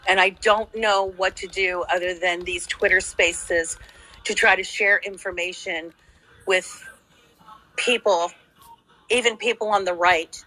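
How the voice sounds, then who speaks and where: Furious, bright-voiced woman host. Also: lowish voice, steady tone, measured pace, poor audio. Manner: angry, swearing, emphatic repetition. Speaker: host of a call-in space. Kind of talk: heated political talk.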